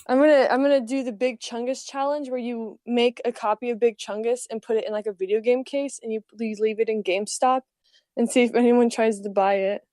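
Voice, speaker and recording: A woman's voice: a little high, fairly even intonation, fairly quick, mellow, no echo, clean studio sound. Chatty, playful female podcast host. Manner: chatty, playful, uses "like" a lot. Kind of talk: casual chat.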